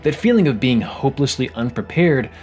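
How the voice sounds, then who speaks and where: A man narrating a scripted game review video, animated, wry and self-mocking. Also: mid-range voice, a little fast, faint music behind.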